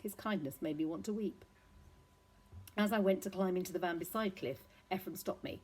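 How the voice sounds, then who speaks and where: A woman's voice: lowish voice, moderate pace, darkish tone, husky, rough recording. Woman reading a children's novel. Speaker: reader.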